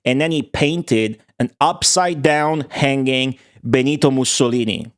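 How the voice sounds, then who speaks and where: Young male streamer, mid-pitched, rambling and profane. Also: measured pace. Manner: rambling, profane, laughing storyteller. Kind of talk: casual rant to stream viewers.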